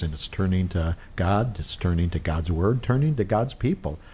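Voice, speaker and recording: A man's voice: sits low, dark tone. A man hosting a Christian radio program, reflecting and closing the show with thanks to listeners. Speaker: radio ministry host.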